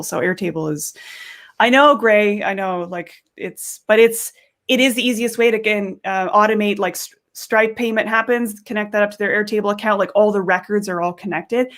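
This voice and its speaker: A Canadian woman speaking as a guest in a casual video call chat, upbeat and quick to laugh. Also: mid-range voice. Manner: upbeat, laughs often, restarts phrases.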